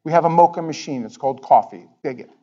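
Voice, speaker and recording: A male pastor preaching a sermon in a church, talking in an animated, conversational way and often repeating words. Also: fairly high pitch, quick pace, dull audio. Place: church sanctuary.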